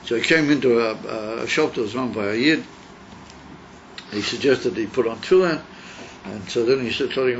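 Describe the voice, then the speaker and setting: Gravelly-voiced rabbi teaching, lo-fi recording. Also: male voice, medium pitch. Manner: halting, many fillers, mixes Hebrew and Yiddish terms into English. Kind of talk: teaching a Hasidic text with a story. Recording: dull lo-fi recording with faint hiss.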